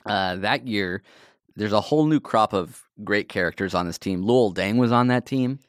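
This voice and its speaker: A man's voice: lowish voice, moderate pace, no room sound. A man hosting a casual podcast in a studio, teasing and quizzing his guest and laughing often. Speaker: podcast host.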